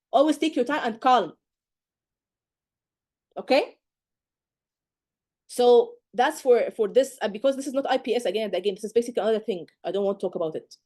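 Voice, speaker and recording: A woman's voice: fairly high pitch, darkish tone. A woman teaching an exam prep lecture, emphatic and scolding, firing rhetorical questions and acting out her students' mistakes. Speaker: medical exam tutor. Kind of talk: live online lecture.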